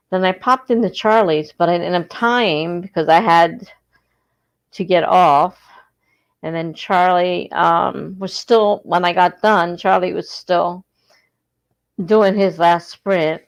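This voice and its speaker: Low-voiced sleepy woman chatting on a livestream. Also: a little slow, poor audio. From East Coast of the United States. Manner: rambling, self-correcting, sleepy. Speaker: livestream host of writing sprints. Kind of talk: casual livestream chat.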